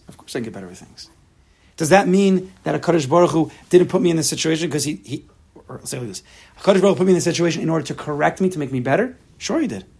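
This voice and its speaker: Teaching a religious text to students, this man speaks with a higher voice that is creaky, a little mellow and slightly rough. His Torah lecture is emphatic, and he frequently performs imagined inner voices while explaining the text.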